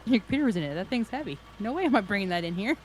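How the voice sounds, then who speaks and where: A woman joining a casual chat, adding quick, wry asides. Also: medium pitch, big pitch swings, slight background noise, rough recording. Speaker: streamer's friend joining the chat.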